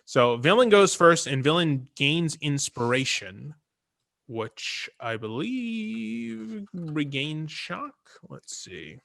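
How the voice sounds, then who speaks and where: Male game master, bright and forward voice, chatty, fills his talk with "uh" and "um". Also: fairly high pitch, sing-song, slow pace, vocal fry. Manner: chatty, many fillers and restarts. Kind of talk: narrating a tabletop game.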